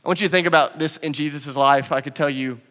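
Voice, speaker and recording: A man preaching in a church auditorium, his fairly high voice rising on emphasis and dropping to a hush. A long reverb trails behind every phrase. His delivery is dynamic and earnest. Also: fairly even intonation, quick pace. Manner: dynamic preaching, swings from loud emphasis to hushed lines. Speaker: pastor. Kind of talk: sermon. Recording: long reverb of a large room.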